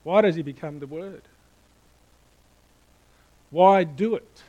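A middle-aged man preaching a sermon, animated and playful, quizzing the congregation and then dropping to a hushed tone for emphasis. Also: on the high side, slow, dull audio. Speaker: pastor.

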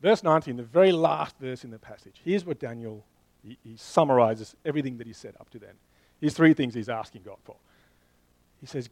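A man's voice: medium pitch, expressive, a little fast, a little mellow, no room sound. A man in his thirties or forties preaching a sermon in a conversational way, often restarting phrases and speaking directly to his listeners. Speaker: pastor.

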